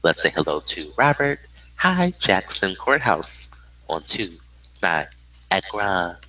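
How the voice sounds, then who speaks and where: A man's voice: low-pitched, big pitch swings, takes it slowly, sharp tone, poor audio. A man hosting his own show in a rambling, free-associating monologue, often spelling out letters and acronyms.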